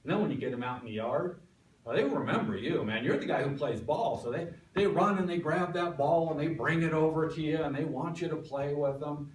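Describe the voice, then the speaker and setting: A man whose voice is a little high speaks slightly fast, giving a prepared, folksy storytelling speech to a club. The room mic sits far away, so the meeting room sounds echoey.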